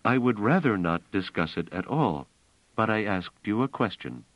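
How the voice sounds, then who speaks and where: A man voicing a proud, touchy superstitious woman, speaking slowly and emphatically. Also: on the low side, expressive, dry recording, voice pushed up. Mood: uneasy. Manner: tense, emphatic, slow deliberate delivery. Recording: slightly dull, dry audiobook recording.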